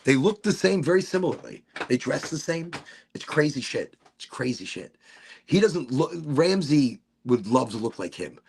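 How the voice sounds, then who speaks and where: Gravelly-voiced man telling rambling stories. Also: mid-range voice, big pitch swings, moderate pace, a little mellow. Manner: rambling, swears a lot, repeats himself. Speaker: podcast host. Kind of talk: casual storytelling chat.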